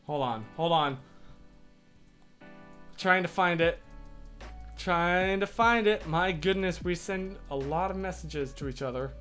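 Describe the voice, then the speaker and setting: Speaking from his whiteboard-equipped room with faint music in the background, a young man runs a laid-back livestream. His high-pitched voice is smooth and fairly bright, unhurried with long pauses, and he chats through viewer comments in a rambling way, restarting often and using many fillers.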